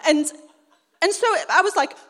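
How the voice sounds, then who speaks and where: Very high-voiced woman preaching. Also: moderate pace. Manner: animated storytelling, acting out scenes. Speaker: church speaker. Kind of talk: sermon with personal story. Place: on a stage.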